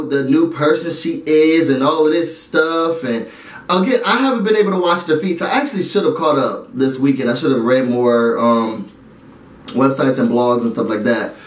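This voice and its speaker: A man hosting a casual TV recap vlog, talking straight to his viewers in an animated, chatty way full of asides. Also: a little high, roomy sound, recorded from a distance. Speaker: reality TV recap YouTuber.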